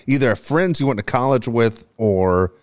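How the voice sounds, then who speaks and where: A man's voice: medium pitch, lively intonation, normal speed, a little mellow. A man hosting a casual chat, blunt and cursing offhandedly. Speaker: host.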